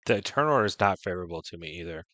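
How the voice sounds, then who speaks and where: Low-voiced man in chatty game commentary. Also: lively intonation, racing, sharp tone, dry recording. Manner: chatty, frank, fillers like "right?" and "you know". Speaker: streamer playing online strategy game. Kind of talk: casual gameplay commentary.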